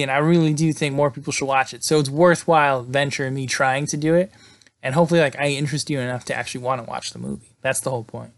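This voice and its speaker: A man's voice: medium pitch, no echo. A man casually recapping a movie plot, rambling with lots of fillers and the odd curse. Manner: rambling, filler-heavy, loose and profane. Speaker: movie reviewer.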